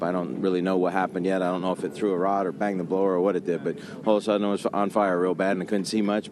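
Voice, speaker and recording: A man interviewed as a funny car driver after his car caught fire, earnest and plain-spoken, thanking sponsors, outdoors at a drag strip. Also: low-pitched. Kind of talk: post-race interview. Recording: outdoor track noise behind.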